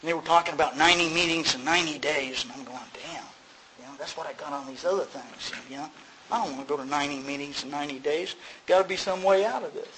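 A man's voice: fast talker, few pauses, crowd noise, poor audio. A middle-aged man sharing his personal story at a recovery meeting, in a conversational way, filled with "you know" and laughing at himself. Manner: acts out both sides of dialogues with sudden rises in pitch. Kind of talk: personal testimony to a group.

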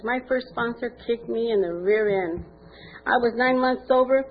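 Older woman, candid testimony at a meeting, vivid quoted dialogue, tinny lo-fi line, faint hiss. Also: on the high side. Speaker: speaker sharing at a recovery meeting. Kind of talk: personal testimony. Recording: tinny phone-like recording with faint noise.

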